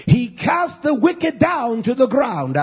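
A man's voice: very high voice, sing-song, takes it slowly, husky, dull audio. A man preaching a sermon, exhorting and calling out to the congregation.

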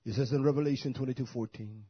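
A man preaching a sermon in an emphatic style, repeating his phrases and moving between quiet talk and loud outbursts. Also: mid-range voice, fast, husky, no room sound, dull audio.

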